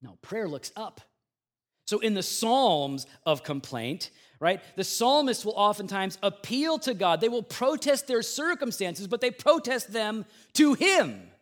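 A man preaching a sermon in a conversational way, moving between loud emphasis and quiet asides. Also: high-pitched, animated, a little slow. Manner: plays out the grumbling people in a raised voice. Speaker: pastor.

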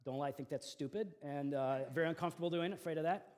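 A man's voice: fairly high pitch, very fast, a little mellow. A man in his forties preaching a sermon as pastor, telling stories in a conversational way with fillers and restarts.

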